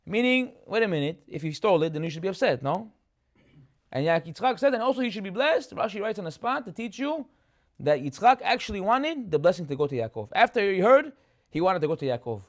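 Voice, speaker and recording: A rabbi giving a chatty Torah class, telling the stories with animation, acting out the characters and asking rhetorical questions. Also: male voice, high voice, sing-song, quick pace.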